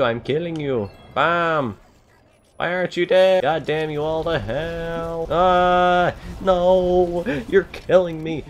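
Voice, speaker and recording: A young man giving let's-play commentary, excitable and complaining loudly at the game. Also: medium pitch. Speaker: gameplay streamer.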